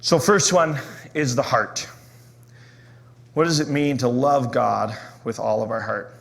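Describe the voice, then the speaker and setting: A man's voice: mid-range voice, measured pace, gravelly, a bit bright. A middle-aged man preaching a sermon in a loose, conversational way, often restarting and asking "right?". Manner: conversational, many fillers and restarts, asks "right?". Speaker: pastor.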